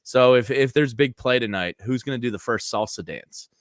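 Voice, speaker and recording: A man co-hosting a sports podcast, reading ads in a chatty, energetic way and talking football casually. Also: medium pitch, normal speed, no room sound, studio quality. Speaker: podcast co-host. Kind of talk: casual sports chat with host-read ads.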